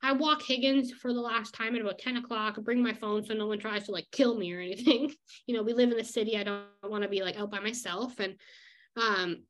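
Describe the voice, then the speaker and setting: In this casual vlog, a young woman illustrator describes her daily routine with plenty of "like" and easy laughter. She speaks briskly in a slightly high, fairly bright voice with a steady tone.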